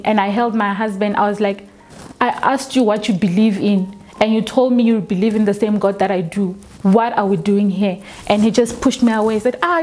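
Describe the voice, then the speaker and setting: A woman, telling her own story for a documentary, slow and halting with frequent restarts. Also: medium pitch, darkish tone. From South Africa. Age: 20s. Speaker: documentary interviewee. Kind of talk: personal testimony.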